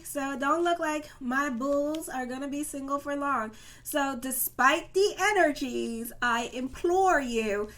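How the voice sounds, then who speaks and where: A woman with a slightly high voice reads tarot cards for her viewers in a relaxed, conversational way. She keeps her talk loose and colloquial, with plenty of "okay" and "you know". Her tone stays earnest and reassuring as she speaks directly to her audience. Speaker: astrologer and tarot reader. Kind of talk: casual tarot reading to camera.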